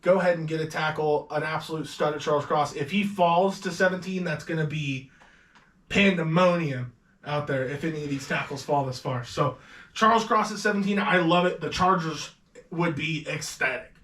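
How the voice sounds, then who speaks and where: A man's voice: fairly high pitch, normal speed, a bit bright, reverberant, recorded from a distance. A man hosting a casual podcast mock draft, giving confident, opinionated picks with the odd swear. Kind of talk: casual sports chat.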